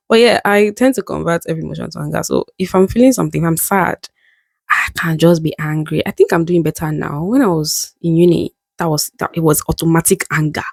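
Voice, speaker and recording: A woman's voice: deep voice, a little fast, vocal fry, darkish tone, dry recording. A young woman vlogging in a candid, musing way, often laughing at herself as she reflects. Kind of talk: reflective casual monologue.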